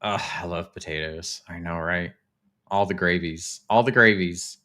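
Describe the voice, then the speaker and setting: A man, casually chatting to his live-stream viewers while touring game houses, excitable and talkative. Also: low-pitched, measured pace. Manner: chatty, excitable, talks to chat.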